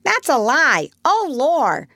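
A woman voicing a mischievous old male parrot in a shrill, croaking squawk. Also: huge pitch swings, takes it slowly, bright, forceful tone, no echo, studio quality, heavily acted.

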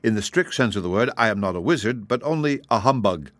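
A man voicing a kindly little male wizard who admits to being a humbug, explaining things gently in an audiobook reading. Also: on the low side, expressive, quick pace, no echo.

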